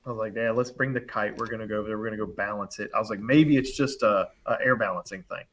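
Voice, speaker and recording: A man's voice: on the low side, fairly even intonation, fast, a bit bright. A young adult man, an HVAC contractor, casually telling a long story on a live panel show, acting out the voices of the people he quotes.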